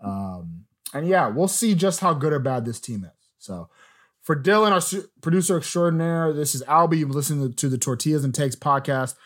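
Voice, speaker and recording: A young adult man hosting a casual sports podcast, chatty and opinionated, often letting his sentences trail off low. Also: lively intonation, a little fast, a bit bright. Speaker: podcast host.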